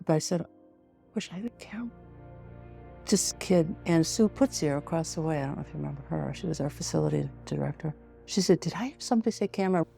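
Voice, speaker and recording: A woman in her sixties tells a story as a podcast guest, slipping into the voices of the people she describes. Her voice is gravelly and mellow. Soft music sits faintly behind her. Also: low-pitched. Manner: vivid anecdotal storytelling, acting out quotes. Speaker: forensic pediatrician guest.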